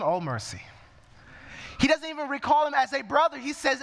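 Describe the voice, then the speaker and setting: A man's voice: extremely high pitch, lively intonation, normal speed, gravelly, a bit bright, long reverb tail. A man preaching a sermon, reading scripture verse by verse and explaining it as he goes.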